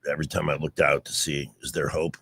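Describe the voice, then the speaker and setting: A man's voice: a bass voice, little pitch movement, fast, vocal fry, a bit bright, breathy edge, no echo. A man in his sixties hosting a casual radio chat show, telling rambling stories with restarts.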